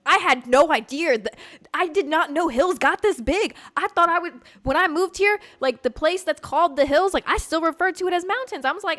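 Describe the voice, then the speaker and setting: A woman hosting a podcast, telling a story in a blunt, profane, animated way. She grew up in Georgia and talks in a casual monologue. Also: high-pitched, a little fast, faint music behind. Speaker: podcast host.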